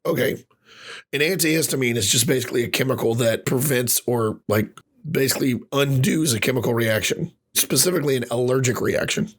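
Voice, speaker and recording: A man co-hosting a casual podcast, ranting with lots of swearing, his voice a little rough from recovering after losing it. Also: medium pitch, brisk. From Ireland. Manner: animated ranting with frequent swearing. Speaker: podcast co-host.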